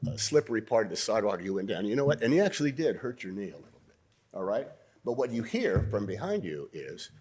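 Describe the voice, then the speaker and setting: An older man giving an audience an acting exercise, coaching them and trying out lines in different tones, often clearing his throat. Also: mid-range voice. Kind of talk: interactive acting lesson in a lecture. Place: university debating hall.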